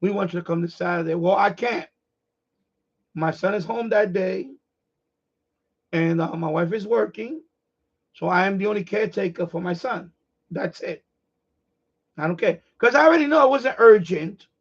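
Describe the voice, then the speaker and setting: A middle-aged man hosting a live stream, ranting in a blunt, profane, animated way in casual chat. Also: sits high, moderate pace, long pauses, slightly rough, dull audio.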